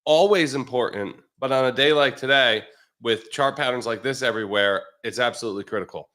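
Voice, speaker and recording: A man discussing stock charts in casual chat over a video call, measured and plain. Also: medium pitch, sharp tone. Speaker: research director co-host.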